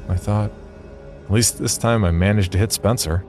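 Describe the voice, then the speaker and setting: Deep-voiced man narrating a horror tale. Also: brisk, over music. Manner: wry, deadpan. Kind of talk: first-person horror story narration.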